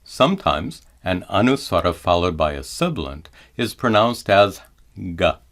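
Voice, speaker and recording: A man teaching Vedic pronunciation in a measured, scripted lesson, chanting his examples slowly and drawn out. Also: deep voice, very animated, fairly bright tone. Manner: slow and deliberate, chants examples in drawn-out tones.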